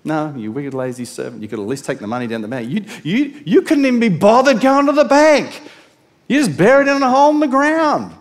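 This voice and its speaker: A preacher playing an indignant, sarcastic master. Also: male voice, high voice, sing-song, brisk, pitched above the performer's own voice. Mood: scolding. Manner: sarcastic, incredulous, scolding. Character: indignant male master scolding his servant.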